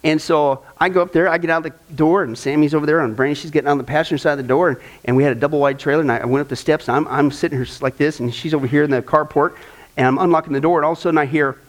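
A man leads a church discipleship class in a loose, conversational way. His voice sits high for a man, and he stumbles through fillers and repeated words. He drifts into lively personal stories, acting out the voices. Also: racing. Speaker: Bible class teacher.

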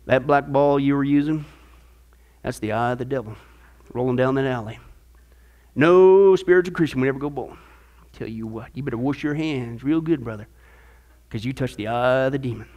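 A stern, legalistic church elder, played by a man dropping his voice low to scold someone. He lectures in a hushed, mock-solemn tone. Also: normal speed, long pauses, natural voice.

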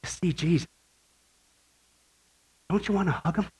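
A male pastor preaching an animated sermon that swings from quiet asides to shouted praise. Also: high-pitched, measured pace, poor audio.

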